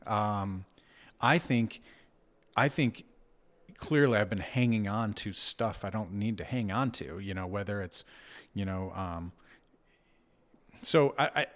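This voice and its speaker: A man in his thirties telling a personal story in casual conversation, reflective and halting, with many fillers and restarts. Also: fairly low pitch, fairly bright tone. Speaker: guest recounting an experience.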